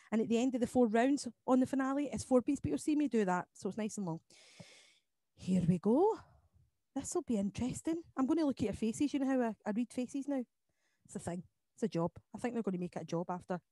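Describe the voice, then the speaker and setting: A woman leading an online choir lesson, explaining each part and counting beats aloud between quick sung demonstrations. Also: fairly high pitch, dark tone, dry recording. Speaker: choir leader. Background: piano accompaniment.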